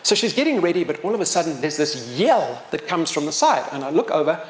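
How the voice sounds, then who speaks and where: A middle-aged man telling a story to a live audience, animated and self-mocking, with big swings in loudness. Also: fairly high pitch, a little fast. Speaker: storyteller and motivational speaker.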